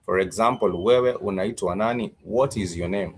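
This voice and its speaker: A man teaching Swahili words in a live-streamed lesson, slowly repeating each word and its meaning, with many fillers. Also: on the low side, slightly rough.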